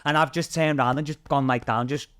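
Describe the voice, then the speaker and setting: British guy on a podcast, chatty and animated, swearing and doing everyone's voices, middle pitch, dry sound. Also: fast, clean tone, no room sound. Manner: animated, swears freely, acts out quoted voices. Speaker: podcast guest. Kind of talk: casual storytelling.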